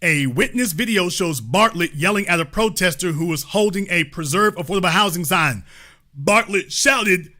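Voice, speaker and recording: A man hosts a commentary show, reading news items aloud and stopping to push back with blunt remarks. His voice sits high and bright, and he drives his points with repetition and pointed rhetorical questions. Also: animated, normal speed.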